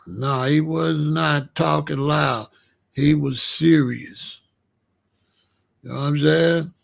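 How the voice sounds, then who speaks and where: A man's voice: steady tone, slow, creaky. A man, hosting a casual monologue and telling street stories in blunt, profane language. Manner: drops to low, quiet tones when recounting danger. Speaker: commentary channel host.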